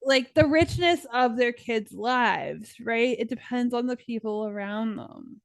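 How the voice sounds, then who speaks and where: A woman's voice: a little high, unhurried, creaky, no room sound. A young woman co-hosting a podcast, chatting casually and filling her talk with "like" and "right?". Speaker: podcast co-host; teacher. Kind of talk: casual chat.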